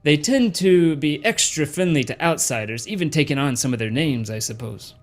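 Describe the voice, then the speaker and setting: Small alien guide, polite, slow helpful talk, higher pitch, a man voicing it. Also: lively intonation, faint music behind, lightly acted.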